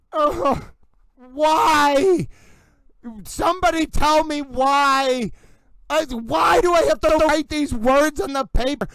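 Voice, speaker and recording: A man hosting a live commentary stream, theatrically exasperated, swinging between yelling and low muttering. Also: unhurried, no echo, poor audio. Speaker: livestream host commenting on a trial.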